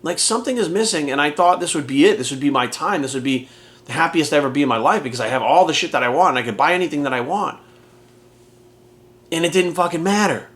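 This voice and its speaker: Swearing heavily, an American man in his forties, a fitness coach, speaks bluntly and emphatically in a candid motivational monologue. He talks fast, his voice on the high side with a fairly bright tone.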